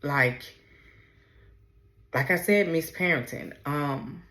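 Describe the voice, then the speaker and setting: A woman in her forties hosting a personal podcast, talking in a halting, emotional way as she fights back tears. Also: low voice, fairly bright tone. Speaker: podcast host. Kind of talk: personal podcast talk on camera. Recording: roomy echo.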